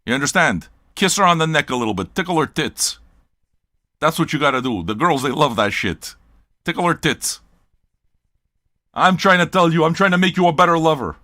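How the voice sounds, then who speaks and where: A man's voice: fairly high pitch, animated, fairly quick, sharp tone, no echo. Older man, show host, blunt and profane, rambling, dry close sound. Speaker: host of a record-listening show. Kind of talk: casual livestream rant.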